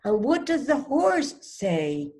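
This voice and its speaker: A woman teaching a child to read, sounding out letters one by one and gently encouraging with prompts and questions. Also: on the high side, very animated, slow pace. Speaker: reading teacher. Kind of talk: phonics read-along lesson for a child.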